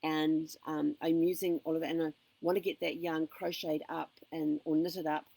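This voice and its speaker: A woman's voice: sits low, flat delivery, normal speed, gravelly, mellow, no room sound. A woman chatting casually and upbeat on a live stream, with frequent ums and asides, talking into a phone. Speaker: vlogger.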